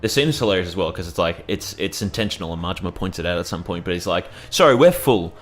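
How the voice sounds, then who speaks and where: A man's voice: deep voice, steady tone, racing, fairly bright tone, soft background music. A young man giving casual, joking let's-play commentary, rambling and swearing freely as he plays. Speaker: gameplay commentator.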